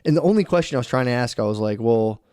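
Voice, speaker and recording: A man in his thirties co-hosting a casual podcast, telling a long story in an animated way, peppered with swearing and "dude". His voice sits at an ordinary pitch. The sound is close and dry, with no room echo. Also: fast. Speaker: podcast co-host. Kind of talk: casual chat.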